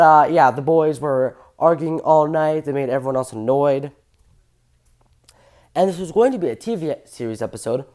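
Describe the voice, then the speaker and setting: An eager train enthusiast chatting through a casual fan video at a middling pitch. They ramble happily, trip over details and correct themselves mid-sentence. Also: darkish tone. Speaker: train fan channel host.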